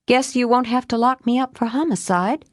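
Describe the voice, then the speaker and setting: A woman's voice: a little high, no room sound, clean studio sound, voice pushed up, close to an everyday voice. A woman doing a blunt fiery young witch. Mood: shaky, wry. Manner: blunt, quick-tempered.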